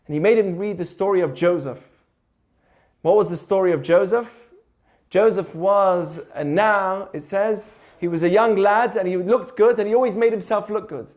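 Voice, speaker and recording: Male teacher, higher-pitched voice, casual storytelling lesson that keeps asking the listener questions. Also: moderate pace, darkish tone. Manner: conversational, asks rhetorical questions, tells stories. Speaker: teacher of Jewish ethics. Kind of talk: informal teaching talk.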